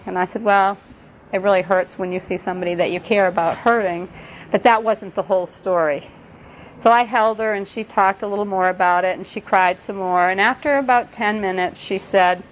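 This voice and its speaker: A woman's voice: mid-range voice, steady tone, fairly quick. Earnest woman telling stories at a workshop. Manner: storytelling, gentle and earnest. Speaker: workshop presenter. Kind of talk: parenting workshop talk. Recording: dull lo-fi webcast audio, faint noise.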